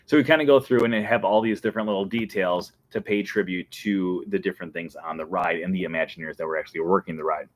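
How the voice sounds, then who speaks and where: A male host chatting casually and with enthusiasm, laughing now and then. His voice sits low. The recording is dry and close with no room sound. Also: quick pace, hardly any pauses, dry recording. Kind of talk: casual chat.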